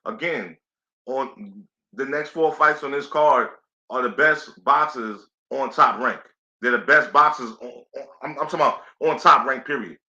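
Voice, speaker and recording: This man runs a relaxed, chatty live stream calling boxing play-by-play, frequently dropping "you know what I'm saying." He speaks at a measured pace in a sharp, mid-range voice, captured with dull lo-fi sound in an echoey room.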